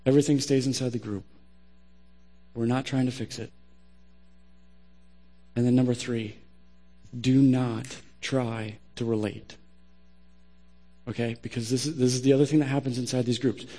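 A man's voice: mid-range voice, steady tone, normal speed, long pauses, mellow. A man preaching a sermon as pastor, blunt and emphatic in his direct way of talking. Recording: long hall reverb.

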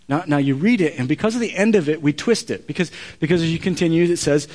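Guy preaching, kinda high voice, chatty but emphatic, keeps restarting words. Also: fast talker, hardly any pauses, darkish tone, in a large hall. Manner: conversational, emphatic, many restarts. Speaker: pastor. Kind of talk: sermon.

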